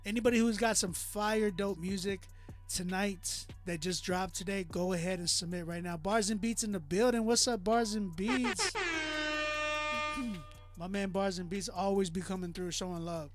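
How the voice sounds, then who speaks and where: A man's voice: sits high, fairly even intonation, moderate pace. A man hosting a live music review stream, hyping up the chat and calling for song submissions. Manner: hyped, talks straight to chat. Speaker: livestream music review host. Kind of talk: casual livestream hosting.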